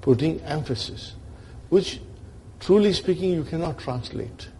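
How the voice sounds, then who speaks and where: A man's voice: on the high side, expressive, unhurried, gravelly, warm tone, slight background noise. A man teaching an Arabic grammar class in lecture style, often checking in with his listeners.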